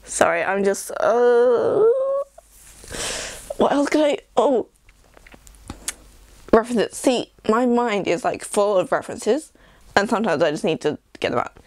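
A woman's voice: mid-range voice, expressive, a little slow, pauses often, darkish tone, dry recording. A young English woman vlogging in a rambling, self-deprecating casual chat. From England. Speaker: YouTuber.

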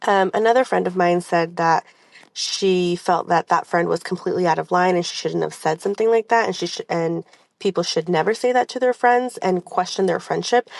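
A woman leaving a recorded question for an advice show, hesitant and full of "um"s. Her voice sits on the low side with a strong vocal fry running through it. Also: dry recording. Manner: hesitant, with many "um"s and "you know"s. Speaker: listener asking a question.

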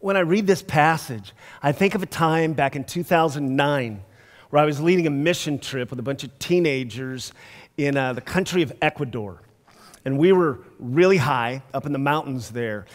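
A male pastor giving a conversational storytelling sermon, laughing often and dropping soft for emphasis. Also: a little high, moderate pace. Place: church sanctuary. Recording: long church hall reverb.

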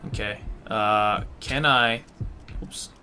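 Young male streamer, bright forceful voice, swears, mutters then yells, faint room hum behind. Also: on the low side, fairly even intonation, slow. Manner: swears a lot, talks to himself, yells in frustration. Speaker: streamer playing a horror game. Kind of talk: live gameplay commentary.

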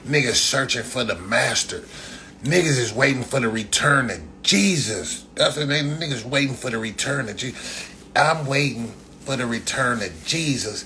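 Man ranting on a livestream, profane and blunt, bright forceful voice, faint noise in the background. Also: mid-range voice. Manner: blunt, profane, repeats "blood" constantly; rhetorical questions and lecturing. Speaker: livestream host answering chat. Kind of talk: casual livestream rant.

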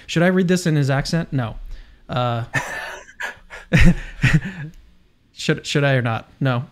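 A man's voice: medium pitch, unhurried, pauses often. A young adult man hosting a casual video discussion, chatty and enthusiastic with frequent restarts. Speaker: host.

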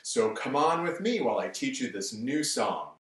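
A man's voice: medium pitch, big pitch swings. Cheerful man teaching kids in an echoey room. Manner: cheerful, talks straight to the kids, brisk bursts of explanation. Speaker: music teacher. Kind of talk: upbeat televised classroom lesson for children. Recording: echoey room, mic at a distance.

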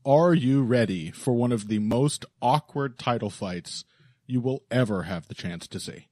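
Man, podcast co-host, husky, slow, dry humor, close dry sound. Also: medium pitch, animated, warm tone, dry recording. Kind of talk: casual podcast chat.

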